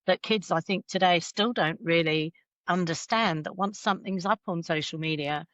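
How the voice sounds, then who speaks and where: A woman's voice: fairly low pitch, normal speed, a bit bright, no room sound, highs cut off. A woman hosting a podcast interview, often affirming her guest and asking reflective questions. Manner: frequent affirming backchannels. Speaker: podcast host. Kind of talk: interview, conversational.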